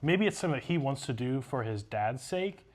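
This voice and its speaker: A man hosting a podcast in casual chat, rambling and animated as he talks straight to viewers. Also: mid-range voice, brisk. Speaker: podcast host.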